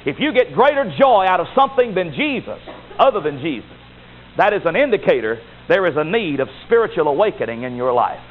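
A man's voice: sits high, big pitch swings, a little fast. A man preaching a sermon as a Baptist pastor, emphatic and repetitive, building to rising exhortations. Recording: tinny phone-like recording with faint hiss.

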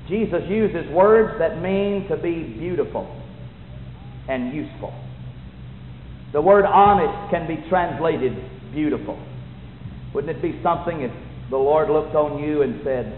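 A man preaching a sermon, fervent, swinging between shouting and hushed tones. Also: fairly high pitch, expressive, measured pace, long pauses, slight background noise. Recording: echoey hall, tinny phone-like sound.

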